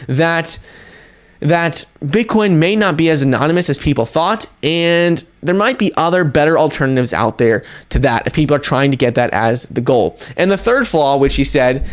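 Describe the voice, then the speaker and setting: A man hosting a casual crypto news video in a fairly high, upbeat voice. He talks energetically in quick runs, with fillers and self-corrections along the way. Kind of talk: casual news commentary to camera.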